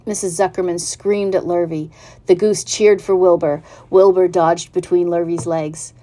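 A woman reading a children's storybook aloud in an even, unhurried narrating manner. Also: on the low side.

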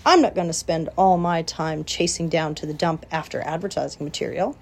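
A woman voicing a sly, grumbling male rat, speaking louder and higher than her own voice. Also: fairly quick, creaky. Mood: grumpy. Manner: grumbling, loud and raised.

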